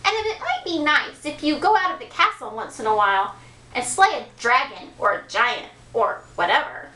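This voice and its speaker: A woman's voice: high voice, expressive, normal speed, sharp tone. A woman voicing a nagging, fed-up young princess who complains shrilly. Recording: echoey room from far off.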